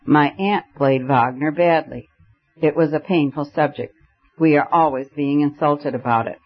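A man reading an audiobook, voicing a reckless, tipsy young gentleman who picks a quarrel in mock earnest. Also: normal speed, close to an everyday voice. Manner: mock-earnest, then low and urgent. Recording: dull lo-fi recording.

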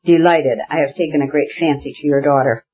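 A man's voice: on the high side, fairly even intonation, fairly quick, breathy edge. A man doing a pious, haughty invalid lady. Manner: pious, cool. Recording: dull lo-fi audiobook recording.

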